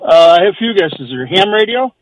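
A man calling into a radio show, quickly answering song quiz questions. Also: high-pitched, expressive, no room sound, highs cut off. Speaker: caller.

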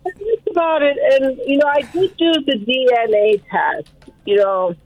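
Lady caller on a muffled dry phone line, slow and wandering, bit high. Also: expressive, dry recording. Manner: slow, wandering, hesitant with fillers. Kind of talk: phone-in chat. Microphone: telephone.

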